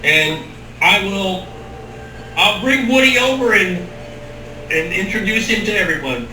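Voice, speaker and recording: High-voiced guy playing a tabletop game, really bright, joking around, far off in an echoey room. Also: expressive, measured pace. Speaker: player. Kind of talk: in-character tabletop play. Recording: echoey room, mic from far off, faint noise.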